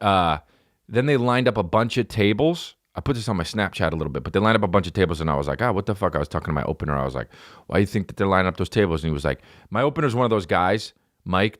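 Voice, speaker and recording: A man's voice: fairly low pitch, animated, fast, no echo, studio quality. A man in his thirties telling a rambling, profane comic story on a podcast, with many restarts. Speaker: comedian. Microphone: studio podcast mic.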